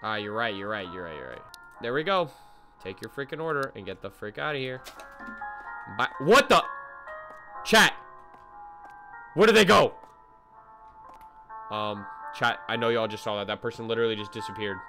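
A man giving let's play commentary to his chat, excitable and full of slangy exclamations as he reacts to the game. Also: on the low side, moderate pace, long pauses, over music. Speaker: gaming video creator.

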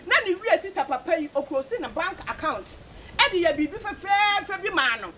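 A woman speaking as spokesperson at a traditional engagement ceremony, announcing the gifts in a lively, playful way. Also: very high-pitched, a little fast. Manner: lively, playful, joking with the crowd. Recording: noisy crowded event hall.

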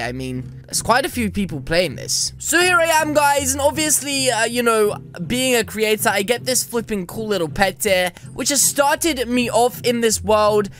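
A man giving jokey, excitable gameplay commentary and teasing other players as he goes. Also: sits high. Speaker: gaming YouTuber.

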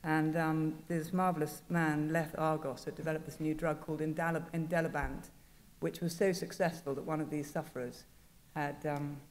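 A woman, a journal editor on a conference panel, telling anecdotes in a halting, self-deprecating way. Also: deep voice, flat delivery. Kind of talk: panel talk. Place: conference hall. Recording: reverberant conference hall.

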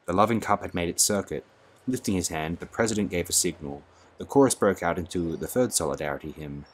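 A man's voice: low voice, brisk, slightly rough. A man narrating a novel as an audiobook, reading expressively. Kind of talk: scripted narration.

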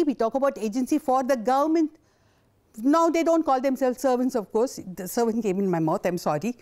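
A woman's voice: high voice, darkish tone. An older woman, giving a passionate, indignant conference talk. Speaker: invited speaker.

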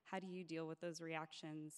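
A woman's voice: low voice, level tone, normal speed, clear, resonant tone. A woman in the audience asking a question earnestly, hesitating with many fillers.

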